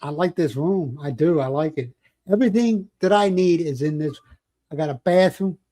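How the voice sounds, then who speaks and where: A man's voice: on the high side, moderate pace, warm tone. Joking older man rambling live. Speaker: livestream host. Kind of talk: casual live chat.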